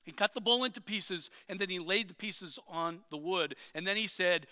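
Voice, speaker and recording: A man's voice: sits high, normal speed, few pauses, sharp tone, big-room sound. A man preaching, retelling a scripture story dramatically with swelling emphasis.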